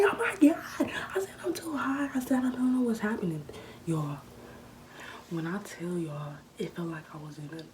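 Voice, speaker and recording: A woman's voice: sits low, darkish tone, slight background noise, rough recording. A young woman telling a rambling storytime vlog straight to her viewers, often dropping into a whisper. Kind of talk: storytime vlog, casual chat.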